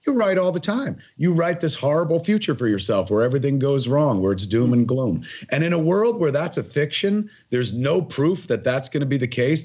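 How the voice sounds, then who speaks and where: Husky, profane man in his forties. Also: a little high, darkish tone, muffled recording. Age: 40s. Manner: profane, emphatic, rambling. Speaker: podcast guest. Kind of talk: casual conversational interview.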